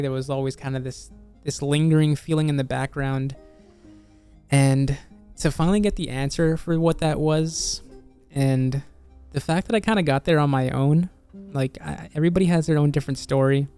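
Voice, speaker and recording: A video game YouTuber who is slowly losing their voice talks in a halting, earnest way, restarting phrases, over a studio microphone. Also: mid-range voice, fairly even intonation, clean tone, faint music behind. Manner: earnest, halting, many restarts and soft laughs. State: slowly losing voice, slightly hoarse. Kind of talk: reflective casual video commentary.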